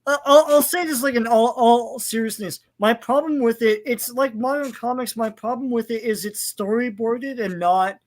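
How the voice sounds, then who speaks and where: A man's voice: very high voice, moderate pace, few pauses. A man co-hosting a casual podcast, opinionated and rambling with many fillers, swearing in his rants. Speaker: podcast co-host. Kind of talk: casual chat.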